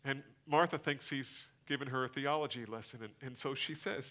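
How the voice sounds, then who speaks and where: A man preaching a sermon, swinging from loud emphatic lines to near whispers. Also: mid-range voice, fairly even intonation, brisk, hardly any pauses. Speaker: pastor.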